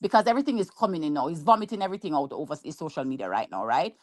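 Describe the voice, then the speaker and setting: A woman's voice: low voice, animated, rapid-fire, a little mellow. A woman, arguing emphatically in a casual panel debate, building hypotheticals and repeating herself for stress.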